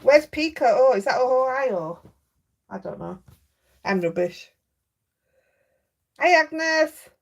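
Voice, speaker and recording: A woman's voice: sits high, sing-song, slow, gravelly, long pauses. A woman with a Yorkshire accent hosting a craft livestream, chatting casually and reading out viewer comments. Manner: chatty, reads out viewer comments, laughs easily. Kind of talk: casual live chat.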